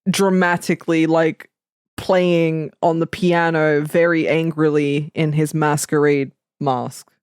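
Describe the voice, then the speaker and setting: A woman's voice: low voice, fairly even intonation, slow, darkish tone, clean tone, no echo, studio quality. A woman co-hosting a podcast, chatting casually about a film, laughing often and leaning on "like" fillers. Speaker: podcast co-host. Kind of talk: casual chat recapping a film.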